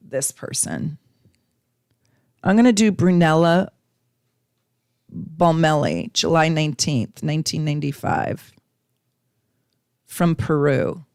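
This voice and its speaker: A chatty, effusive woman doing live astrology readings for her viewers. Her voice sits on the low side and she laughs easily. The sound is close and dry, with no room echo. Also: darkish tone. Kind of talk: live-stream casual chat.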